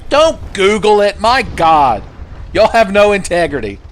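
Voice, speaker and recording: A young man with a high-pitched, very animated but unhurried voice hosts a casual let's play, with a little hiss or hum on the recording. He jokes sarcastically about the video game he's playing and now and then breaks into silly singing.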